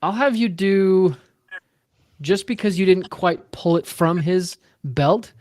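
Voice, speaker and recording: A man's voice: high voice, slow pace, darkish tone, no room sound, studio quality. A man running a tabletop game as game master, talking with many hesitant fillers over a video call.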